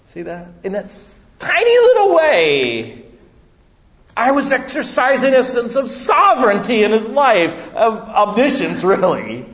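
Animated man preaching in a reverberant hall. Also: a little high. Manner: animated storytelling, acting out voices of people in the story. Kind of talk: sermon with personal anecdote. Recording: dull lo-fi sound with long hall reverb.

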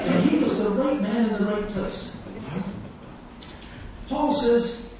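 A man preaching a sermon, telling stories with animated quotes and frequent laughter. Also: very high-pitched, extremely slow, pauses often, noisy background. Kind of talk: sermon with storytelling. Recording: echoey distant hall sound, dull.

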